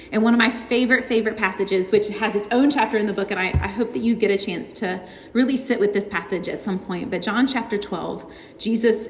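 A woman's voice: fairly high pitch, a little hiss or hum. A young adult woman preaching, earnest and heartfelt, sometimes slipping into casual asides. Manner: earnest, heartfelt, warmly conversational. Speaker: speaker teaching on suffering. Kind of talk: sermon. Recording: echoey hall with long reverb.

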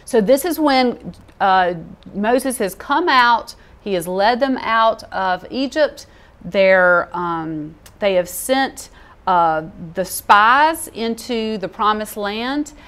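A woman's voice: medium pitch, slow pace. A woman giving a casual Bible teaching, reading scripture aloud and acting out the people in the story. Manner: conversational, animated, acts out quoted voices.

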